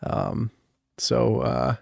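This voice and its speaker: A man's voice: medium pitch, fairly even intonation, drawn-out words, gravelly, a little mellow, no room sound, clean studio sound. A man hosting a horror movie podcast in loose, rambling casual chat. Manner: laid-back, rambling, lots of fillers. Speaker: podcast host.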